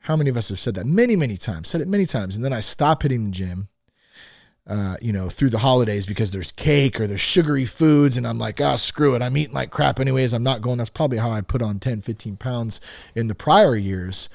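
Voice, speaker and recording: A man's voice: mid-range voice, expressive, a little fast, dry recording, clean studio sound. A man hosting his own podcast, talking casually and self-deprecatingly with plenty of fillers. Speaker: podcast host. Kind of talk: casual solo podcast talk. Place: home in Northern California.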